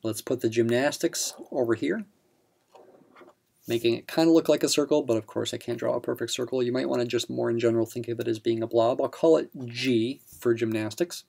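A man's voice: mid-range voice, steady tone, a little fast, vocal fry, darkish tone. A man teaching a probability practice problem, patiently explaining it step by step with casual fillers. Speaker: math instructor.

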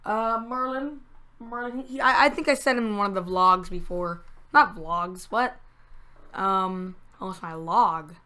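A woman's voice: medium pitch, unhurried. A woman giving casual let's-play commentary from a home setup, talking to the game and bursting into squeals and groans. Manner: excitable, talks to the game, sudden squeals and groans. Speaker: gameplay commentator.

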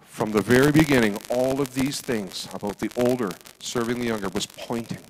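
A man preaching a sermon as pastor, acting out dialogue with big swings from loud to hushed. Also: medium pitch, steady tone, fairly quick, slight background noise, poor audio.

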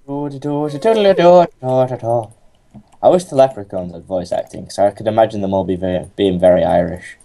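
A man's voice: low voice, quick pace, creaky, hardly any pauses, warm tone. A young man playing a game with a friend, teasing and sarcastic in casual chat. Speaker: co-host gamer.

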